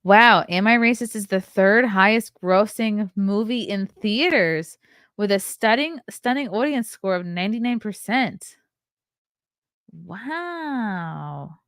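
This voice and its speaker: A woman's voice: mid-range voice, measured pace, fairly bright tone, no room sound, clean studio sound. A woman streaming from her home desk, chatting in a rambling way with sarcastic asides while reviewing a film and reading chat. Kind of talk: casual live-stream chat. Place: home desk setup with webcam.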